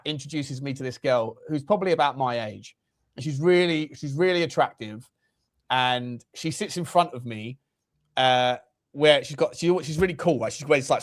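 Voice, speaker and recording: A man hosting a football fan show, telling stories in a casual, swearing, animated way. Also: medium pitch. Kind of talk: casual chat.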